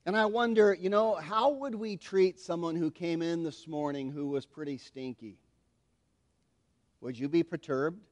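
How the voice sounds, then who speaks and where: A man preaching a sermon to his congregation, asking them to answer back and acting out scenes as he goes. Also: sits high. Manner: animated preaching with call-and-response to the congregation. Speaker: pastor. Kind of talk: expository sermon. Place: church sanctuary. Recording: long hall reverb.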